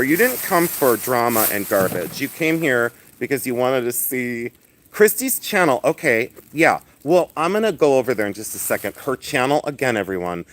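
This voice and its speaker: Loud, flamboyant man chatting on a livestream. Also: medium pitch, sing-song, moderate pace, background noise. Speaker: livestream host selling and showing jewelry. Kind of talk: casual livestream chat. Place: outdoors in the sun.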